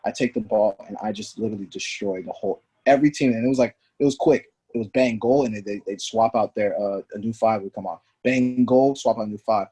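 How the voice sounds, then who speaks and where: His voice is fairly low with a breathy edge, and he talks briskly with few pauses. The ex-pro soccer player shares stories on a podcast, animatedly performing the voices he quotes.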